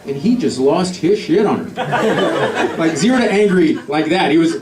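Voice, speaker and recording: Animated stand-up man in a roomy club. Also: a little high, measured pace, far from the mic. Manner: animated storytelling, acting out voices of family members. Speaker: stand-up comedian. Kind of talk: stand-up comedy set. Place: comedy club stage before a laughing audience. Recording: roomy live club recording with crowd laughter.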